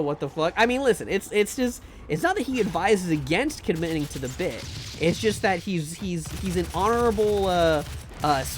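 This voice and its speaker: Guy streaming a game, kinda high voice, rambly and crude, jokes around, faint noise behind. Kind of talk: casual gaming stream chat.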